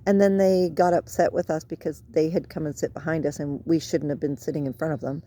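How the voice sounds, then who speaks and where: A middle-aged woman talking casually outdoors, reflecting in a rambling, soft way. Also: deep voice, fairly even intonation, fairly quick, slight background noise. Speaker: vlogger.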